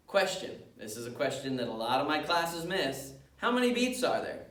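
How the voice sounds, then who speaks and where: A man's voice: fairly high pitch, lively intonation, normal speed, few pauses, a bit bright, reverberant, far from the mic. A male music teacher leading an elementary class through rhythms, patient and step by step, chanting the rhythm syllables in time.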